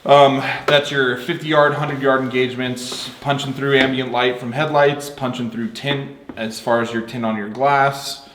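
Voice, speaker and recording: A man's voice: medium pitch, flat delivery, normal speed, a bit bright, roomy sound, slight background noise. A man co-hosting a gear review, trading crude, swearing banter in casual chat in a cold shoot house. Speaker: co-host.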